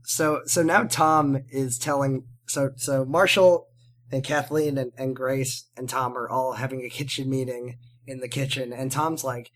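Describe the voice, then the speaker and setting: A man's voice: medium pitch, steady tone, a little slow, fairly bright tone. A man co-hosting a casual podcast, recapping a TV episode and mocking the characters. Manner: mocking, acts out characters' lines. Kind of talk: casual chat.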